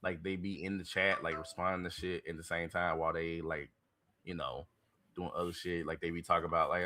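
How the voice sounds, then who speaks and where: A man's voice: low voice, little pitch movement, a little fast, sharp tone. A man hosting a casual anime podcast, rambling in laid-back slang over a remote call. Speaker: podcast host. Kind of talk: casual chat.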